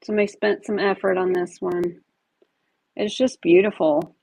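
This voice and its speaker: A woman's voice: mid-range voice, fairly even intonation, normal speed, a little mellow, slightly rough, no echo, low-quality recording. A woman chatting casually as she sells jewelry at a live online auction, describing each piece as she handles it. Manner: chatty, describes items while handling them. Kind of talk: casual live-stream selling chat.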